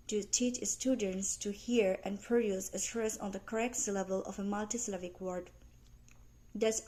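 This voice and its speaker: A young adult woman reading out a class presentation on teaching pronunciation, careful and measured, with small grammar slips. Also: mid-range voice, dark tone. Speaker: student presenter. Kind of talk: read academic class presentation.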